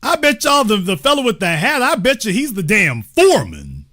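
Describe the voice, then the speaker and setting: A man's voice: sits high, moderate pace. A man hosting a show, giving casual, joking commentary on a video and talking straight to his viewers. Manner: animated, joking, talks to viewers as y'all. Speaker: host.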